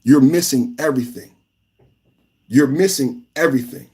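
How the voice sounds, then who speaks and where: A podcast host from California, giving live reaction commentary in an emphatic, repetitive rant. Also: male voice, medium pitch, moderate pace, darkish tone.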